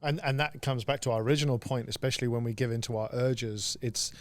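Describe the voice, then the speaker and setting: A man's voice: medium pitch, fairly even intonation, fast talker. A man hosting a church podcast, affirming his guest and summing up the points in a casual, easygoing way. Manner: affirming, laughs easily, sums up points. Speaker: podcast host.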